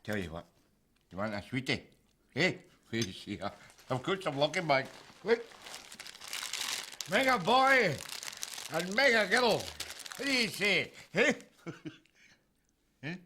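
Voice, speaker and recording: A man's voice: medium pitch, very animated, a little slow, pauses often, bright, forceful tone, a little hiss or hum. An actor with a Glaswegian accent playing a sarcastic, mocking Glasgow man in a sitcom. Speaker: lodger in a politician's home. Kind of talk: sitcom acting.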